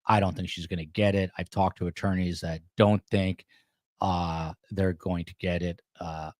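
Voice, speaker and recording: A man's voice: sits low, no room sound, clean studio sound. A man hosting a podcast livestream, rambling casually and reading out chat comments as he signs off. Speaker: podcast host.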